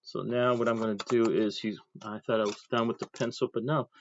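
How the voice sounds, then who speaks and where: A man's voice: mid-range voice, level tone, brisk, dull audio, a little hiss or hum. A man teaching an ink drawing class, talking casually as he draws and thinking aloud with chatty asides. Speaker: art teacher.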